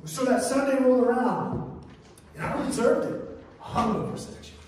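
A man's voice: very high-pitched, expressive, normal speed, background noise. A man preaching a sermon as a pastor, telling stories casually and often saying "man" and "right?". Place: church sanctuary. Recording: echoey church hall from far off.

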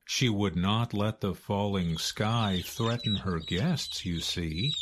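Slow, expressive male story narrator. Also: on the low side, noisy background. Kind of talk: storybook reading for learners.

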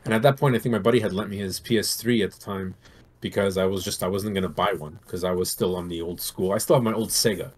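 A middle-aged man on a podcast, talking casually in a rambling, animated way about a show and games he loves. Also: low-pitched, fast, slightly rough. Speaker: podcast co-host. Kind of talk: casual chat.

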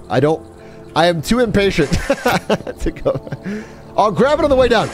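A male streamer gives live, excitable commentary on a puzzle game, full of sarcasm, swearing and laughter. His voice sits fairly high and swings widely in pitch. Game music plays clearly behind him. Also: takes it slowly, pauses often.

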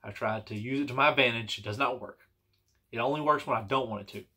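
A man's voice: mid-range voice, fast, sharp tone, breathy edge. A man telling a personal story in a casual, rambling and earnest way, with many restarts and fillers. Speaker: vlogger telling personal stories.

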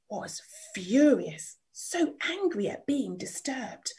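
A woman storyteller reading a children's story aloud, expressive, dropping to whispers and inviting listeners to join in. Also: fairly high pitch, drawn-out words.

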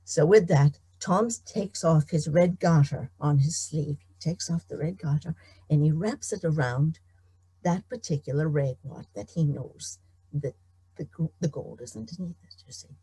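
A middle-aged woman storyteller telling a folk tale in an animated, expressive way. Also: low-pitched, measured pace, slightly rough, no room sound.

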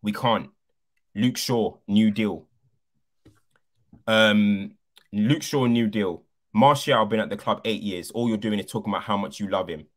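A man's voice: lowish voice, steady tone, unhurried. A man co-hosting a football podcast, arguing passionately and repeating his points for emphasis.

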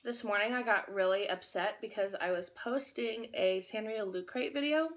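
A woman's voice: medium pitch, normal speed. A young woman vlogging into her phone, chatting in a bubbly, rambling way and talking with her mouth full while she eats. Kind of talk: casual chat while eating.

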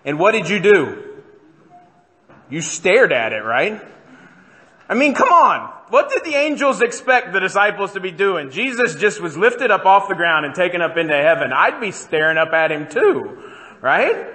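A man's voice: high voice, big pitch swings, normal speed, bright, forceful tone, big-room sound. A man preaching a sermon as pastor, in a conversational way that keeps putting questions to the congregation. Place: church sanctuary.

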